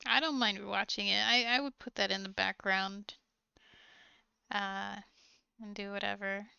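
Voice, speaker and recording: A woman's voice: mid-range voice, steady tone, a little slow, vocal fry, sharp tone, clean tone, no echo, dull audio. A woman streaming live, chatting casually with viewers, hesitant and giggly with many trailing ums.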